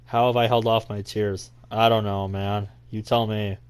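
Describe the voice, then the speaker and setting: A man's voice: fairly low pitch, little pitch movement, moderate pace, hardly any pauses, smooth. A young man reading a visual novel aloud as a let's play host, with dry, sarcastic asides. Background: faint game music.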